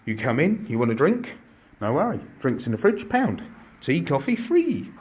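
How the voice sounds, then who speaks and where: An excitable man talking straight to his online viewers from inside his shop. His voice sits at an ordinary middle pitch, and he chats in a loose, jokey way, greeting people and wandering between asides. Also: brisk, slightly rough. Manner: chatty, excitable, jokey, addresses viewers directly. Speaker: airsoft shop owner. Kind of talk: casual live stream chat.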